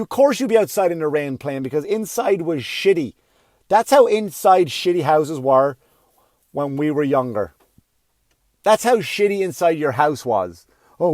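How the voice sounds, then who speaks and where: A man's voice: on the high side, no echo. Profane ranting stand-up comedian, man. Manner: profane, ranting, swings from mutter to yelling.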